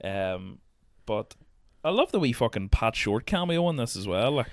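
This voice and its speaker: A man's voice: mid-range voice, sing-song, normal speed, no echo, clean studio sound. A young man hosting a podcast in casual chat, rambling and swearing freely. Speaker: podcast host.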